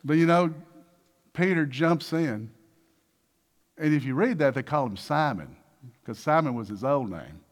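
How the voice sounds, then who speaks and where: A man preaching a sermon with lots of energy, acting out little dialogues and swinging between loud bursts and hushed passages. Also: on the high side, lively intonation, measured pace, long pauses. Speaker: pastor.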